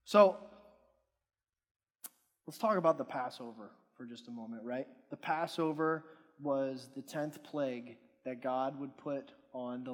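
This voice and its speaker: A man from Pennsylvania preaching a sermon, animated and quizzing the congregation, swinging from soft to loud. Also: mid-range voice. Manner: animated, rising and falling in loudness, asks the congregation questions. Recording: long hall reverb.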